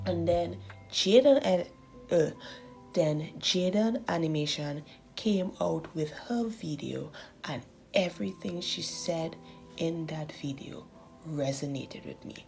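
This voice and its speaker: A thirty-year-old woman speaking unhurriedly in a relaxed, confessional voice-over. She laughs often and slips into soft, half-whispered asides. Faint music plays quietly behind her. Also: fairly low pitch, unhurried, vocal fry. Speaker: art channel host.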